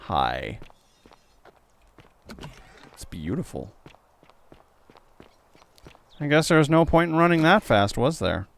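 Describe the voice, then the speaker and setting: Excitable young man streaming a game. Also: fairly high pitch, takes it slowly, gravelly, pauses often. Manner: excitable, swings from loud yelps to muttering. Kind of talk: let's play commentary.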